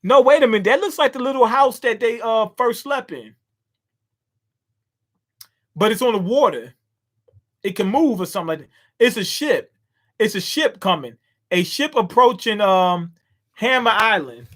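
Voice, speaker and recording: Casting: man with a high-set voice, casual manga read-along, chatty quick reactions. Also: animated, fairly bright tone. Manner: reads panels aloud, reacting with quick asides. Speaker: manga reader and commentator. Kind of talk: casual read-through with commentary.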